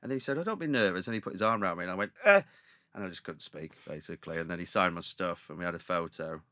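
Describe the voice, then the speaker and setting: A comedian telling rambling anecdotes in casual chat, acting out quotes in lively voices. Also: male voice, deep voice, rapid-fire, no room sound. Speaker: comedian guest.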